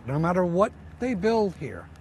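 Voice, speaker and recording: A man's voice: high-pitched, big pitch swings, moderate pace, a little mellow, a little hiss or hum. Older New York man, grave warning. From upstate New York. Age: 60s. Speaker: retired police patrolman. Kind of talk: documentary interview clip.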